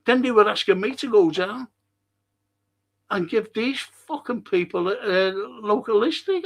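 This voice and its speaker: A man's voice: expressive, measured pace, vocal fry, a bit bright. A middle-aged man from Liverpool with a Scouse accent, hosting a casual monologue, ranting and swearing, his voice shooting up when heated. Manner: ranting, swears freely, voice jumps much higher when heated. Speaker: show host.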